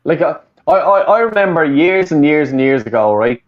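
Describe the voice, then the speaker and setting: On muffled, lo-fi audio, this Irish football-fan co-host from Dublin rants in casual chat, cursing a lot. His voice sits on the high side, animated and at a moderate pace.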